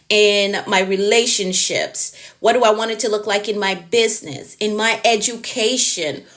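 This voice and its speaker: A middle-aged woman with a Jamaican accent, a productivity coach who talks quickly and passionately to her viewers on a live stream. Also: medium pitch, a bit bright. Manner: fast-talking and passionate, addresses viewers directly.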